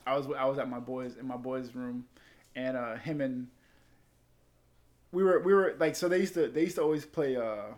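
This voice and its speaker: A man telling a long casual story, rambling, swearing, and acting out quotes in higher voices. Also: normal speed, long pauses, darkish tone.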